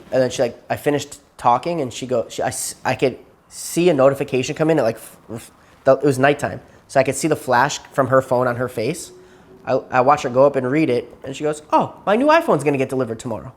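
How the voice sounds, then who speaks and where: A man's voice: medium pitch, fairly even intonation, fast talker. A man telling a long story to his therapist, rambling and repeating himself, tired and burnt out. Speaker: client in therapy session.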